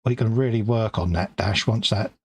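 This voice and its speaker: A man's voice: fairly low pitch, moderate pace, creaky, breathy edge, no room sound. A middle-aged man with a London accent, co-hosting a live hobby stream in easygoing, self-mocking chat. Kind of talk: casual banter.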